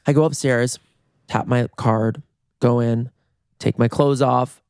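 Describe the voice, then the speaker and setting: A man in his thirties hosting a podcast from his bedroom, telling funny stories in a lively way, jumping into high voices when acting out scenes. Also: normal speed, creaky, no echo, clean studio sound. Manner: animated, acts out voices with big jumps in pitch. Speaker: podcast host. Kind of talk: comedic storytelling.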